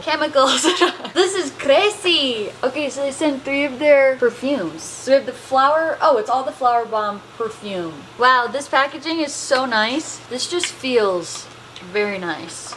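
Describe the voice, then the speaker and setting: A woman's voice: a little high, fairly bright tone, a little hiss or hum, poor audio. A woman vlogger unboxing a package on camera while playfully talking in a put-on accent, filmed on a handheld camera. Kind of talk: casual vlog chat, unboxing.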